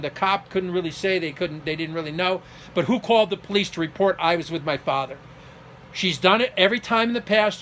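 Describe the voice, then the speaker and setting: Middle-aged man, high and bright, agitated storyteller who voices everyone he quotes. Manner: agitated, acts out quoted dialogue, rising to near shouting. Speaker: vlogger telling a personal story. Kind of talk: emotional personal monologue.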